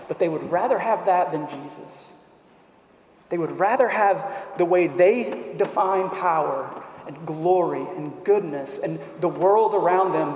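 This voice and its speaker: A man's voice: high voice, darkish tone. A man preaching a sermon in a church, who stresses his points by repeating phrases and asking rhetorical questions. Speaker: pastor. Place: church sanctuary. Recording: echoey hall with long reverb.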